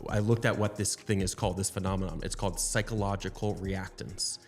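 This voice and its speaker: A man's voice: low voice, fairly even intonation, brisk, soft background music. A man hosting a podcast, explaining ideas in a coaching way. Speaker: podcast host. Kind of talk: casual podcast conversation.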